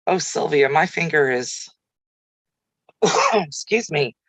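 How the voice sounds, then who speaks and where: A woman's voice: low-pitched, lively intonation, slow, a bit bright, husky, dry recording, poor audio. A woman hosting a casual livestream chat, talking easily and answering viewer comments by name. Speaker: craft channel host.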